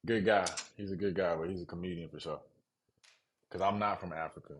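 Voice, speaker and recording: A man's voice: low voice, steady tone, brisk, a little hiss or hum. Laid-back Southern man streaming a build. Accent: Southern US, Mississippi. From Mississippi, US South. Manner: laid-back slangy talk, reads chat aloud. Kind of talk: casual live-stream chat to viewers.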